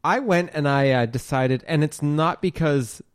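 A man's voice: fairly high pitch, measured pace, clear, resonant tone, no room sound. A man in his forties hosting a podcast, chatting casually about movies, rambling and full of fillers, with the odd swear. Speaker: podcast host.

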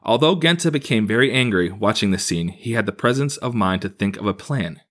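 A man's voice: fairly low pitch, animated, a little fast, fairly bright tone. A man reading a folktale aloud to friends, with restarts and casual asides. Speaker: storyteller.

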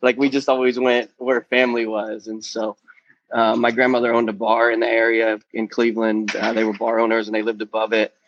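A man's voice: medium pitch, completely flat delivery, a little fast, dull audio. Earnest man telling his testimony. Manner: earnest, candid, peppered with "um" and "man". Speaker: youth ministry guest. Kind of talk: personal testimony in a podcast interview.

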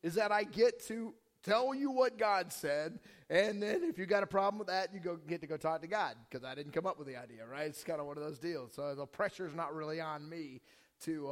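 Hoarse casual pastor in a reverberant hall. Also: male voice, high voice. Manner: casual, joking, with many fillers and restarts. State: hoarse, voice strained. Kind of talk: sermon. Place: church hall before a congregation.

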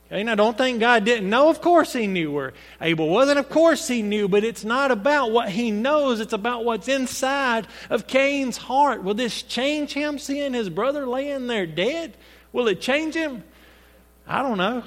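A man preacher giving an animated sermon, asking rhetorical questions and acting out the quotes he reads. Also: very high-pitched, measured pace. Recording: echoey hall with long reverb.

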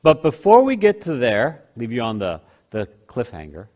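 A man preaching a sermon, slowing down to stress key phrases and swinging between loud and hushed delivery. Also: mid-range voice, huge pitch swings.

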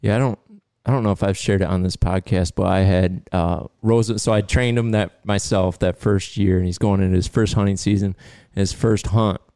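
A man with a low, gravelly voice spins a lively hunting story on a podcast. His tone is dark and mellow, and the sound is close and dry. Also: moderate pace, no room sound. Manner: storytelling, animated, laughs often. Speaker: podcast host and dog trainer. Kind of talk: casual podcast chat.

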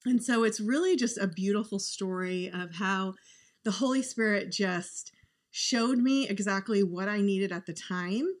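A woman's voice: medium pitch, measured pace. A woman guest on a podcast, telling a personal story in an earnest, heartfelt, conversational way.

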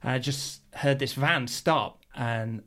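A middle-aged man, chatting as a guest on a podcast. He tells stories with lively energy and acts out what people said. His voice sits at an ordinary, mid-range pitch. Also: takes it slowly. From England. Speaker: guest, pro BMX rider. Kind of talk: casual storytelling.

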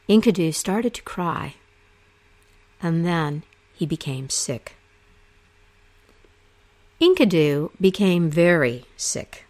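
A woman narrating an ancient myth aloud in a slow, expressive storytelling manner. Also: fairly low pitch.

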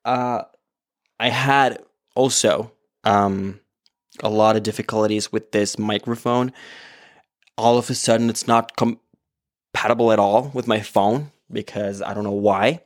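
Recording by himself at home in an apartment, a man talks into a podcast microphone on an iPad for his casual podcast. His lowish voice is steady and measured, with many pauses, while he rambles candidly, curses a lot and leans on fillers.

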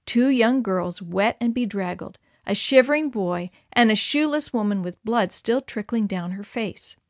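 A woman narrating a story in a clear, expressive read-aloud manner. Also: mid-range voice, no room sound, studio quality. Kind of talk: scripted narration.

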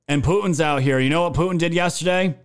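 A man's voice: a little high, fast talker, clean tone. A man hosting a political live stream, commenting and reading viewer chat in an indignant, emphatic and sometimes profane way. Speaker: political talk show host.

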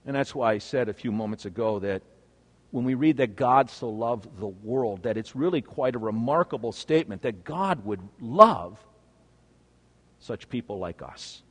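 A man delivers a sermon in a mid-range voice. He swings from loud, emphatic lines to quiet, low ones. His voice carries with the long reverb of a large church sanctuary. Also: animated, normal speed, breathy edge. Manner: dynamic preaching, swinging from loud emphasis to hushed low phrases. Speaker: pastor.

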